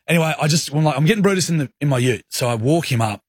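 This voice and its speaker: Sex: man. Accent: Australian. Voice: very husky. Sound: dry studio mic. Style: animated radio storytelling. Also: on the high side, very fast, few pauses, dry recording. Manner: rambling, acts out his own quoted outbursts. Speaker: radio co-host. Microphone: studio microphone.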